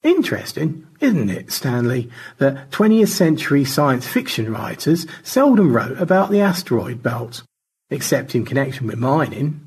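A man reading aloud and voicing a dry, pedantic man fond of old science fiction, with a gravelly, raspy voice and a wry, precise delivery. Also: mid-range voice, very animated, moderate pace, darkish tone, heavily acted.

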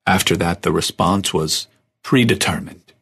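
Brief: a man playing a worn-out middle-aged president, low and husky, storybook reading. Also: fairly bright tone, exaggerated voice. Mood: weary. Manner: tired, measured.

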